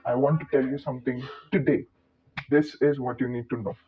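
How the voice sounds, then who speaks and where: A man's voice: medium pitch, steady tone, a little fast, husky. Chatty man with a tinny phone-like sound. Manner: chatty, digressive, playful asides. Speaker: channel host. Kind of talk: casual talking-to-camera vlog.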